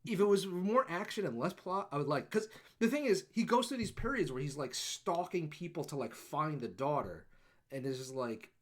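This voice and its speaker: A man's voice: on the high side, moderate pace. A man co-hosting a casual movie podcast, ranting and swearing as he retells a plot and acts out lines. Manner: animated ranting, swears, acts out characters in quotes. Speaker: podcast co-host. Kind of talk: casual movie review chat.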